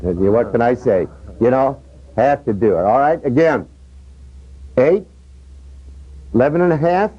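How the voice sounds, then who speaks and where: A portrait photographer talking his audience through a live studio session and coaxing his models as he works. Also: medium pitch. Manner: coaxing, directing models with running commentary. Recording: dull lo-fi recording.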